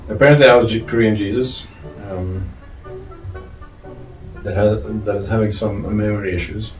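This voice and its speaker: A man's voice: on the low side, steady tone, normal speed. A man chatting casually with his sister as she reads to him, answering with short dry remarks. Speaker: listener, the author's brother. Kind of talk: casual chat. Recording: echoey room, far from mic, faint music.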